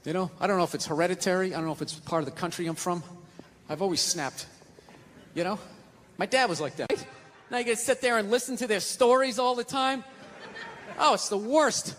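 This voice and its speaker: A middle-aged man performs stand-up on stage, launching into loud, exasperated rants full of swearing. His voice is high-pitched and fairly quick, broken by long pauses, with a slight hiss or hum in the audio. The live hall carries a long reverb, and the audience laughs in the background.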